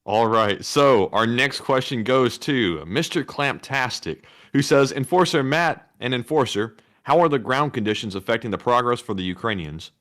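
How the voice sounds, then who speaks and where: A man co-hosting a live stream, relaxed as he reads out viewer questions. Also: medium pitch, normal speed, few pauses. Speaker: co-host reading viewer questions.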